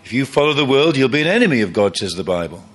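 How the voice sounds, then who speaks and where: A man's voice: mid-range voice, very animated, racing, a bit bright. A man preaching a sermon, emphatic, often acting out quoted lines.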